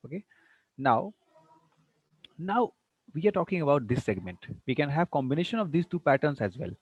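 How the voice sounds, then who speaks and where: A man's voice: fairly high pitch, very animated, moderate pace, breathy edge, no echo, lo-fi sound. A man giving an online lecture, patiently explaining and repeating examples with exaggerated rising and falling tones. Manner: frequent "you know" and "see" fillers. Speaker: university English lecturer.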